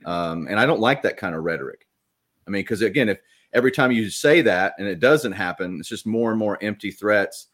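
A middle-aged man co-hosting a political podcast, giving measured, opinionated takes with frequent hesitations. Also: on the low side, animated, a bit bright. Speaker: podcast co-host. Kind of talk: casual political podcast chat.

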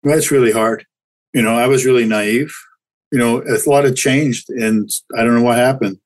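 A man's voice: medium pitch, fairly even intonation, normal speed, poor audio. An older man, a chiropractor guest, talking candidly and reflectively in a casual interview, often restarting his sentences. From Canada.

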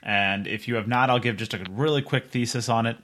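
A man with an ordinary mid-range voice co-hosts a relaxed chat show. He answers with dry, teasing remarks and laughs easily. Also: medium pitch, brisk, a little hiss or hum. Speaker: podcast co-host. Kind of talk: casual chat.

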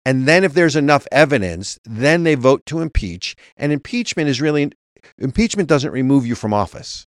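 A man's voice: medium pitch, lively intonation, normal speed, dry recording, studio quality. Emphatic male political talk host. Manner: emphatic, reads legal text aloud, repeats words. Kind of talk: political talk show commentary.

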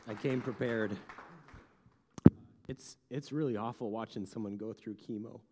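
A man, a pastor, interviewing a church staff member in a conversational, halting way with repeated words. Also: fairly low pitch, fairly even intonation, in a large hall, heavy background noise. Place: church room.

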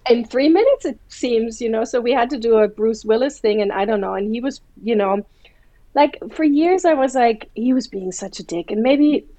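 A woman's voice: a little high, lively intonation, normal speed, warm tone, no room sound. German woman hosting, chats away with lots of likes, dry close sound. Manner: chatty storyteller, many "like" fillers. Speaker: host. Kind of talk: casual chat.

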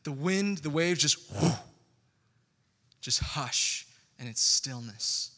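A man preaching a sermon as pastor, in a conversational, animated way with asides to the congregation. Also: fairly high pitch, takes it slowly, long reverb tail.

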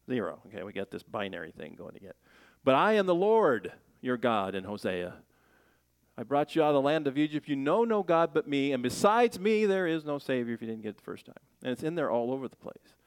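A man preaching a sermon in a lively, joking way, slipping into playful voices as he makes his points. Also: medium pitch, dry recording. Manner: animated, jokey preaching with playful voices and laughs. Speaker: pastor.

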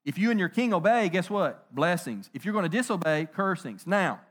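A middle-aged man preaching a conversational sermon, animated, joking and asking rhetorical questions. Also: high voice, fairly quick. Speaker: pastor.

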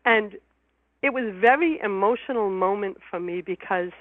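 A woman's voice: medium pitch, normal speed, no echo. Heartfelt woman guest on a phone line. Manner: heartfelt, emotional, repeats words. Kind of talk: personal storytelling in an interview.

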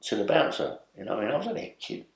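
A man's voice: medium pitch, sing-song, racing, vocal fry. A man in his seventies from London with a London accent, a guest telling long rambling stories and tagging his lines with "yeah?". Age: 70s. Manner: rambling, tags lines with "yeah?" and "you know what I mean?". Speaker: interview guest. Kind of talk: storytelling interview. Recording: roomy echo.

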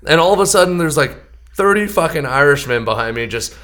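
A young man telling a rambling, profane bar story on a podcast in a casual, animated way. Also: on the high side, fairly quick. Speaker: podcast guest, band member.

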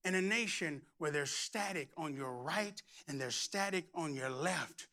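A middle-aged man, preaching a lively, playful sermon with shouts and humor. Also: fairly high pitch, a little slow. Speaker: pastor.

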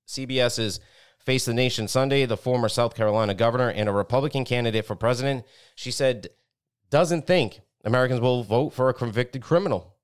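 Smooth-voiced man reading news bluntly. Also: medium pitch, brisk. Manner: blunt, profane asides between read passages; stumbles and restarts words while reading. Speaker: podcast co-host. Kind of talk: reading news articles with commentary.

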